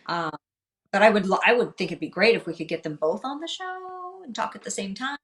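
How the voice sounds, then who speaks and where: A woman's voice: mid-range voice, animated, fairly quick. A woman co-hosting a podcast after-show, chatting and thinking aloud as she recalls an episode. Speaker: podcast co-host. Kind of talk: casual after-show chat.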